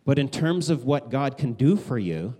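A man preaching a conversational sermon, animated, acting out quoted voices with big swings. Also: mid-range voice, moderate pace. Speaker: pastor.

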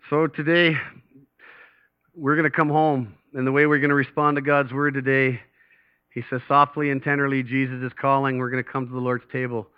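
Flat-voiced pastor on a tinny line. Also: male voice, mid-range voice, smooth, no echo. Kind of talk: closing remarks after a sermon. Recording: dry, phone-like sound.

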